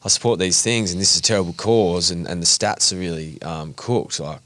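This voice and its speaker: A man's voice: deep voice, a little fast, pushed and bright, no room sound. A young Australian man co-hosting a podcast, talking in a reflective, searching way. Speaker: podcast co-host. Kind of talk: casual podcast conversation.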